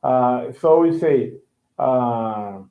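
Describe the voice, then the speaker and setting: Over an echoey, tinny online call, a man with a mid-range voice draws out his words as he teaches English. His explanations involve lots of restarts, and he keeps making sure the learner follows.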